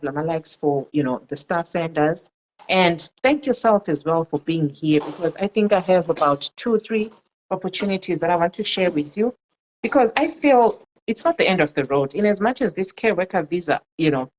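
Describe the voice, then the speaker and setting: A woman with a low, deep-set voice hosts a casual live chat straight into her phone. She talks earnestly, repeats her phrases and drops in Zulu words as she goes. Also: dull audio, a little hiss or hum. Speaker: livestream host.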